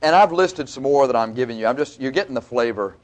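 A man's voice: medium pitch, expressive, quick pace. A man preaching a sermon in a folksy, conversational way, teaching verse by verse with asides to the congregation.

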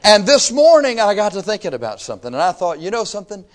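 A man's voice: high-pitched, very animated, fast talker. A man, preaching a sermon in a folksy, conversational way with emphatic rising bursts. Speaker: pastor.

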